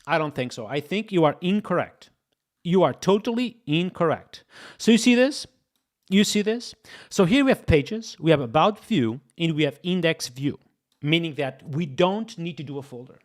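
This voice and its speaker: A man's voice: on the high side, expressive, normal speed. A young man live-streaming while he codes, thinking aloud, repeating himself and talking straight to his chat. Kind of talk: casual live-stream commentary.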